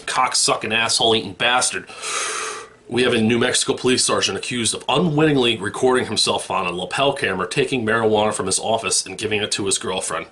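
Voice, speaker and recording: A man's voice: lowish voice, sharp tone. A man hosting a parody news show, reading stories and breaking into profane, mocking rants.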